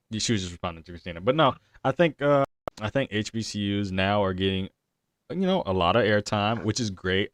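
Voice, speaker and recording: A man's voice: deep voice, fairly bright tone, dry recording. A young man hosting a casual podcast chat, talking loosely and laughing often. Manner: laughs a lot, loose and chatty. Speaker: podcast host.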